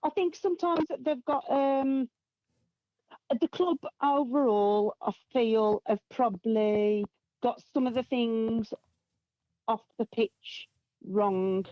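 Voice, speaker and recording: A chatty middle-aged woman with a Birmingham accent rings in over a phone line. Her voice sits fairly high and sounds dry and muffled, and she keeps putting herself down with a laugh. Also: slow, dry recording. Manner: chatty, self-deprecating, laughs often. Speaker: caller. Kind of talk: casual phone-in chat. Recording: dull dry phone audio.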